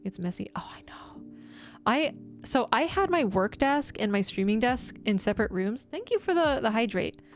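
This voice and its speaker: A young woman streamer chatting casually with her viewers, bubbly and excitable, often giggling. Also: fairly high pitch, normal speed, faint music behind. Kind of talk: casual live-stream chat.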